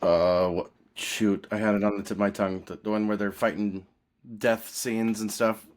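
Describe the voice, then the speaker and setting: Lowish guy on a podcast throwing in quick reactions. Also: little pitch movement. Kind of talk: casual podcast chat.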